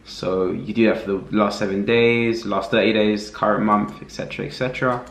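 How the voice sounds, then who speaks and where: Lowish-voiced man in a roomy echo. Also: moderate pace, vocal fry. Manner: relaxed, thinking aloud with many fillers. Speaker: affiliate marketing reviewer. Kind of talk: casual screen-recorded walkthrough.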